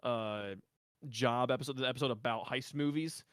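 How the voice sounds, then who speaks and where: A man's voice: mid-range voice, fairly bright tone, clean tone, no room sound, clean studio sound. A man co-hosting a casual podcast chat, rambling with lots of fillers. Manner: rapid, rambling, full of fillers and restarts. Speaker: podcast co-host.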